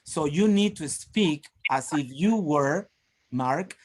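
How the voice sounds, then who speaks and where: Slow encouraging male teacher trainer. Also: fairly high pitch, lively intonation. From Peru. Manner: encouraging, frequent laughs and prompts. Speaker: teacher trainer presenting a webinar. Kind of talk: lively workshop teaching.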